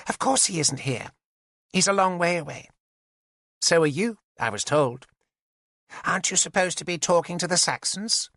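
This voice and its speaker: A man's voice: high voice, lively intonation, moderate pace, pauses often, fairly bright tone, no echo, studio quality, pitched above the performer's own voice, full character voice. A man voicing a giggly, odd plump woman. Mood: teasing. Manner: singsong, childlike, giggling. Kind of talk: audiobook character voice.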